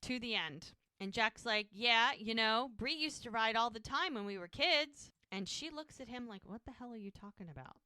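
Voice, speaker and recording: Smooth-voiced woman recapping a show. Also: on the high side, expressive, normal speed, hardly any pauses, sharp tone, no echo. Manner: retells scenes by quoting characters' lines. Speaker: podcast co-host. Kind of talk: casual episode recap.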